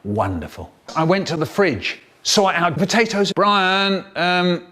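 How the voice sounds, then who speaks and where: Male storyteller, animated and theatrical, lively pitch swings, comic mashup. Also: moderate pace, slightly rough. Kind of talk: chopped-up comic storytelling performance.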